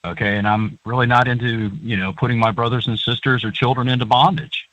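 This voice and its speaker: A man's voice: medium pitch, fairly even intonation, a little fast, fairly bright tone, no echo. A man speaking as a guest on a talk show, earnest and rambling, with plenty of fillers. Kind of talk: call-in talk show chat. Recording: dry, dull lo-fi line.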